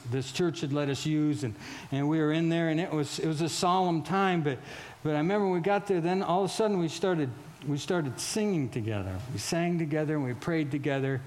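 A male pastor preaching a sermon in an animated, emphatic way, often repeating and restarting phrases, and turning quieter for solemn stories. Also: on the high side, brisk.

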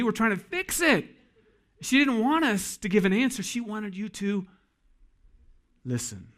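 A pastor preaching to husbands, folksy and joking. His voice sits a little high for a man. He speaks straight to the men in the room. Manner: folksy, jokey, addresses men directly. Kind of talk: sermon.

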